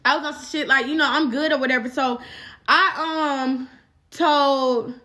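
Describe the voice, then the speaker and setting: High, bright-voiced young woman telling a story. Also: a little slow. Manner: profane, animated storytelling with many fillers. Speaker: vlogger. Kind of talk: casual storytime.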